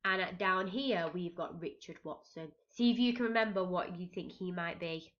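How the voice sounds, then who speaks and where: A woman's voice: on the low side, moderate pace, lo-fi sound. A woman teaching young children, reading a picture book aloud expressively, gasping and asking them questions as she goes. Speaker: reception teacher.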